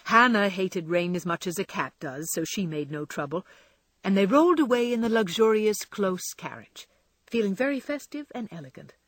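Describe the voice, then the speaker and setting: A woman narrating a classic novel aloud with expressive storytelling. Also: medium pitch, moderate pace, no room sound. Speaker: audiobook narrator.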